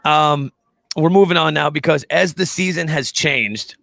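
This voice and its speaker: Bright-voiced man hosting a chatty show. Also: on the high side, a little slow, creaky, no echo. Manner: joking, chatty, reads viewer comments. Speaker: show host. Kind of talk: casual live-stream chat.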